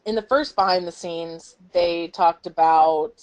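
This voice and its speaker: A woman's voice: on the low side, fairly even intonation, measured pace, muffled recording. A woman co-hosting a fan podcast in casual chat, rambling and acting out quotes. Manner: rambling, acts out quotes with a laugh. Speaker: podcast co-host.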